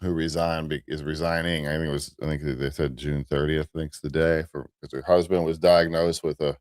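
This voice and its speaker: Deep-voiced American man rambling on a live show. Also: darkish tone, no room sound, studio quality. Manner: rambling, restarts, chuckles at himself. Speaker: host of a live morning commentary stream. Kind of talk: casual rambling commentary.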